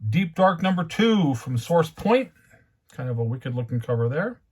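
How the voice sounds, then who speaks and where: A man's voice: a little high, very animated, moderate pace. A man hosting his own comic book channel, talking casually and rambling, growing heated as he rants. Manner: conversational, rambling, heated when ranting. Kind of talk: casual monologue.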